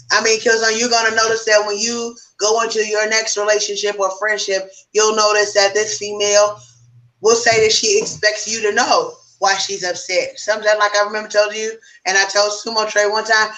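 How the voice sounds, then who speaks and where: A woman talks through her thoughts at a casual round table, reflective and advising. Her tone is bright and forceful, and her voice sits a little distant from the microphone. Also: medium pitch, level tone, fairly quick. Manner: reflective, giving advice. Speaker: co-host.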